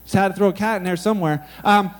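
A man's voice: high-pitched, quick pace. A man preaching a sermon in a casual, conversational way, often asking his audience questions. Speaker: pastor.

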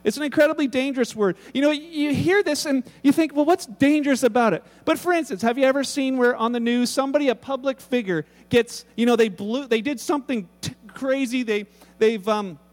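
High-voiced pastor in a reverberant hall. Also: male voice, fairly quick. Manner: casual, humorous storytelling with many restarts. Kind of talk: sermon.

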